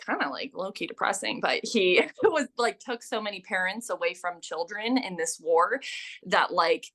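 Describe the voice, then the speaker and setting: Twenties woman guest, animated storyteller, bright crisp tone, casual chat. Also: mid-range voice, moderate pace. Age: 20s. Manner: animated storyteller, filler-heavy with lots of "like". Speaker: guest, renaissance fair performer.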